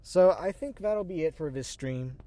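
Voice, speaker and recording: An agender streamer chats casually at the end of a livestream, rambling, restarting sentences and laughing often. The voice sits at a middle pitch. It is recorded close and dry on a desk mic. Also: animated, normal speed, mellow, no echo. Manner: self-deprecating, restarts sentences. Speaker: streamer, show host.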